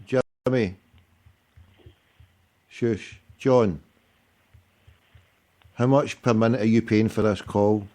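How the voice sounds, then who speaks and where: A man's voice: lowish voice, steady tone, slow pace, long pauses, mellow. A man hosting a fan phone-in, blunt and bossy, cutting in on callers. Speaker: phone-in host.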